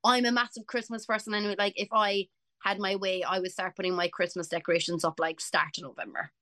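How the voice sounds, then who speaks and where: A young Irish woman, a singer, chatting casually and telling lively stories as an interview guest. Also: mid-range voice, fast, no room sound. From Ireland. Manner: chatty, animated storyteller. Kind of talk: casual chat.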